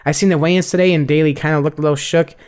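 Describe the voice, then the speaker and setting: A man's voice: a little high, fairly even intonation, rapid-fire, a little mellow, smooth. A young man co-hosting a podcast, chatting casually and profanely about fights with lots of fillers. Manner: rambling, profane fight breakdown with many fillers. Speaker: podcast co-host. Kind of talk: casual chat.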